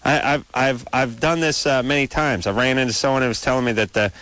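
A man hosting a late-night call-in show from the radio studio. His voice sits mid-pitched and he riffs in a brash, crude, joking way. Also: brisk, sharp tone, no echo.

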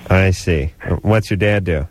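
A man's voice: low-pitched, unhurried. A man hosting a radio call-in advice show, crude and teasing with callers.

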